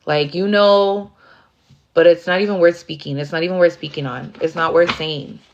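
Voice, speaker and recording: A woman with a low voice talks through a tarot reading in a loose, rambling way, leaning on fillers and dropping curse words. The recording sounds dull and lo-fi, with a faint hiss underneath. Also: fairly even intonation, moderate pace, gravelly. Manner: rambling, heavy on fillers, swears freely. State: near tears at times. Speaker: tarot reader. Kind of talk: casual tarot reading monologue.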